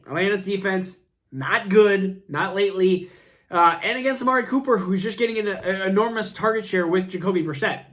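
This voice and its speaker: A man's voice: sits high, a bit bright. A man who is sick with a cough, hosting a fantasy football vlog and talking casually in a rambling, self-deprecating way. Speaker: fantasy football channel host.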